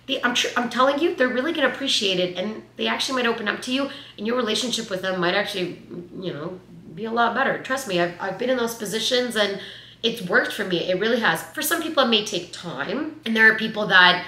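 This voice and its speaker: A woman in her twenties giving casual life advice in a vlog, chatty and animated, with lots of "like". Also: fairly high pitch, fast talker. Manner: chatty, animated, says "like" a lot. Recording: echoey room.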